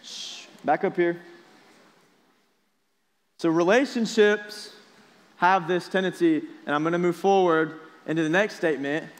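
Upbeat youth pastor in an echoey hall. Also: male voice, high-pitched, unhurried, long pauses. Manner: casual, energetic, quizzes the students. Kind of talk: youth group sermon. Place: large hall with students.

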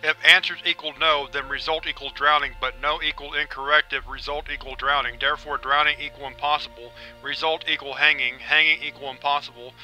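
A man voicing a literal-minded male robot, speaking in a flat monotone without natural inflection. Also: a little high, fairly quick, hardly any pauses, soft background music, rough recording. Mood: malfunctioning.

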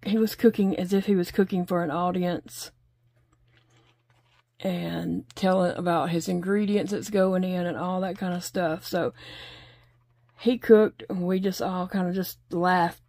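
Chatty woman, mellow voice. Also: on the low side, fairly even intonation, measured pace, dry recording. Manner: chatty, laughs often, counts stitches aloud. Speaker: crochet vlogger. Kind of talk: casual chat while crocheting.

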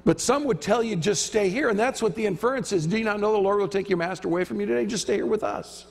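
High-voiced preacher in an echoing church. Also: male voice, quick pace, creaky. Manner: emphatic, acts out quoted voices. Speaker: visiting preacher. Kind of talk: sermon. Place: church sanctuary. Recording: church hall reverb.

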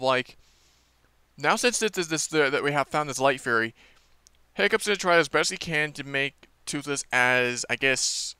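Bright, crisp man rambling about a trailer. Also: on the high side, no echo. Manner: rambling, many fillers and restarts. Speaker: movie trailer reviewer. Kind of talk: casual rambling review.

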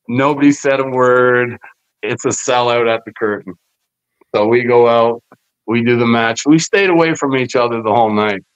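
A former wrestler, guesting on a podcast, tells backstage stories in a casual interview, animatedly acting out quoted voices laced with profanity. His medium-pitched voice is recorded dry, in dull, lo-fi podcast audio.

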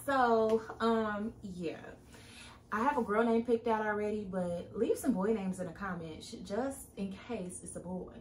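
A woman's voice: mid-range voice, unhurried, reverberant, slight background noise. A young woman chatting directly to her viewers in a casual vlog. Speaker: vlogger. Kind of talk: casual pregnancy update vlog. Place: room at home.

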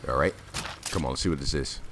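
Very deep-voiced male gamer, slightly raspy. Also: fast, noisy background. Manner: jumpy, with sudden loud exclamations. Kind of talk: casual gameplay commentary.

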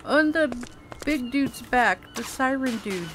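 Woman gamer freaking out at a horror game, slow talker, kinda high voice, game noise behind. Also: animated, fairly bright tone. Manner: jumpy, gasping, exclaiming to viewers. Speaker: gaming streamer.

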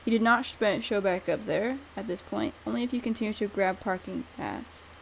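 A young woman giving let's-play commentary, chatty and talking herself through the route, mumbling some lines quietly to herself. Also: medium pitch, brisk, creaky, a little hiss or hum, poor audio. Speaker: gamer streamer.

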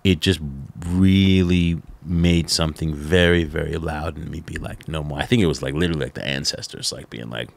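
Man, deep low voice, middle-aged, podcast guest, casual animated storytelling, laughs often. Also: normal speed, vocal fry, few pauses. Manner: animated, laughing, lots of "like" fillers.

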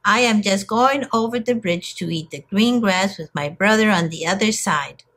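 A woman's voice: mid-range voice, normal speed, fairly bright tone, lightly acted. A woman voicing a middle-sized male billy goat who speaks steadily and politely while hiding his fear.

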